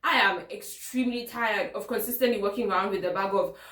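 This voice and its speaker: A woman hosting her own podcast in casual solo talk, animated and emphatic, repeating words for stress. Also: medium pitch, fairly quick. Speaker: podcast host. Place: outdoors at sunset. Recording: roomy, a bit far from the mic.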